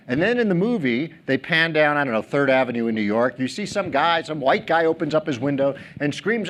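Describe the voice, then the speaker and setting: Middle-aged guy doing a keynote on a big stage, higher voice, swoops all over, jokey. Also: brisk. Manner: animated, humorous, asks the audience questions. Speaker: keynote speaker. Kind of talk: conference keynote talk. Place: large theater stage.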